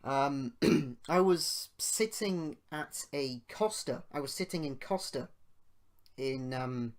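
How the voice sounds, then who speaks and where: A man's voice: medium pitch, slow. Rambling British man telling stories. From United Kingdom. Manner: rambling, goes off on tangents; grows loud and indignant while retelling. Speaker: podcast host. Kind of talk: casual storytelling podcast.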